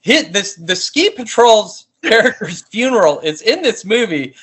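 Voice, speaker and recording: A man's voice: sits high, very animated, unhurried, a bit bright, husky. A man casually recapping a movie with a co-host, laughing often and swearing freely. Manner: laughs often, swears, retells scenes in acted quotes. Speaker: podcast co-host.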